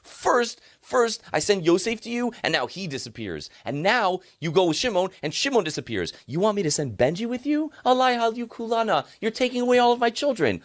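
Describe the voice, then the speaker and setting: A man's voice: high-pitched, big pitch swings, fairly quick, few pauses, voice pushed up. A man voicing an old father, furious and grieving, in anguished, accusing outbursts.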